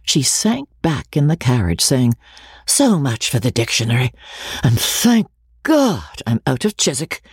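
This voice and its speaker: A woman reading a classic novel aloud as an audiobook, with dramatic, expressive narration. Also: rumbling low, breathy edge, no room sound, studio quality. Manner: dramatic, wide-ranging delivery. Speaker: audiobook reader.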